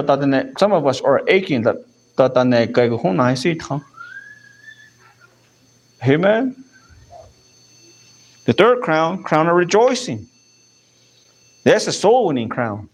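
Male preacher, very high voice, animated sermon delivery with frequent amens.

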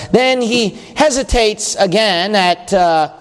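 High-voiced preacher man in a reverberant hall. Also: slow. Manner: emphatic, repeats points, conversational asides. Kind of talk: sermon.

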